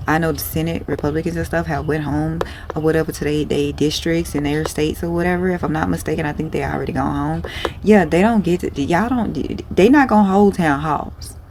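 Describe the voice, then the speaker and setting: A woman's voice: deep voice, darkish tone, a little hiss or hum. A woman who sells clothes online, talking in a casual vlog in a rambling, blunt, profane way. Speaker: small online clothing seller.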